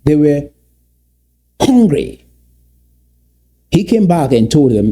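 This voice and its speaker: Husky, mellow man lecturing emphatically. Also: on the high side, sing-song, takes it slowly, pauses often. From Cameroon. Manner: emphatic, repeats key phrases, stretches words for stress. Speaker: commentator. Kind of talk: lecture-style commentary.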